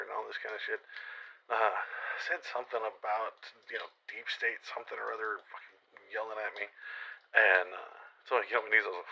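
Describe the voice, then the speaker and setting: A low-pitched man in his forties with a husky, raspy edge spins a rambling first-person survival tale. His tone is tense and cutting, and it is laced with profanity and gallows humor. The recording sounds dull and lo-fi. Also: fairly even intonation, fast, pushed and bright. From New Mexico, USA. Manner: rambling, profane, sardonic, with laughing asides. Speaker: storyteller. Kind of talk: improvised first-person post-apocalyptic story.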